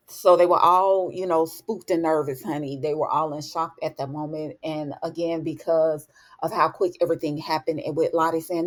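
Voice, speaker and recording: A woman hosting a TV episode recap, telling it in a chatty, storytelling way, full of fillers and asides. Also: deep voice. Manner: chatty storytelling, lots of "you know" and "honey". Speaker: TV recap host.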